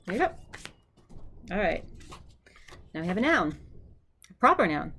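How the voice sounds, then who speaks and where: A woman's voice: on the low side, very animated, moderate pace, long pauses, a bit bright, breathy edge. A woman teaching vocabulary in a chatty way, repeating each word for her students to echo back. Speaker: Greek teacher. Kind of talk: vocabulary lesson.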